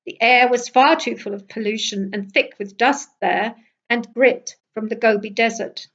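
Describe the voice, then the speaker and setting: An older woman from Britain reading her travel memoir aloud in a lively, wry storytelling manner. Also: on the high side, muffled recording.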